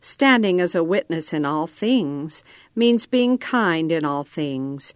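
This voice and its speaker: A woman narrating a story in a calm, measured storytelling manner. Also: deep voice, no echo, clean studio sound. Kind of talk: scripted narration.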